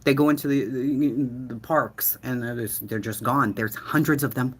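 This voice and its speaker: Animated true-crime host. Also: male voice, medium pitch, moderate pace, breathy edge. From Boston, USA. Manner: animated, profane, dramatic repetition.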